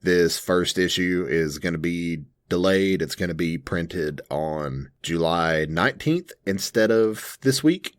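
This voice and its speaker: A man's voice: sits low, animated, slow pace, few pauses. A young man co-hosting a casual podcast, rambling with lots of fillers and laughing easily. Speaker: podcast co-host. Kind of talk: casual chat.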